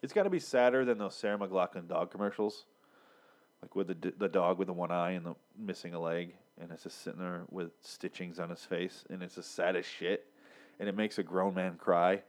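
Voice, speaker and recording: A man's voice: deep voice, steady tone, fairly quick. Rambling, profane man recapping a show. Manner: rambling, profane, sarcastic, lots of fillers. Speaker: podcast host reviewing a TV episode. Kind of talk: casual recap chat.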